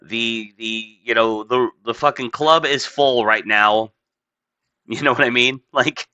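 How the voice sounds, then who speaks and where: A man's voice: medium pitch, slow, sharp tone, clean tone, dry recording, dull audio. A man hosting a casual podcast, rambling and profane, packing his talk with "like" and laughing often. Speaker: podcast host. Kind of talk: casual opinionated podcast chat.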